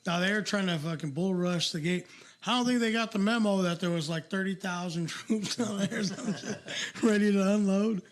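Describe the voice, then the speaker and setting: A man's voice: sits high, moderate pace. A man co-hosting a podcast in loose, profane casual chat, often laughing. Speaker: podcast co-host.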